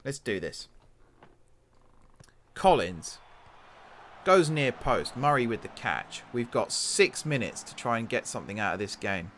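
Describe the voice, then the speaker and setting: Gaming host, male, lively up-and-down delivery, talks at the screen like a fan in the stands. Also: mid-range voice, unhurried, pauses often, a little hiss or hum. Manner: excitable, talks to the game's players. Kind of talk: casual game commentary.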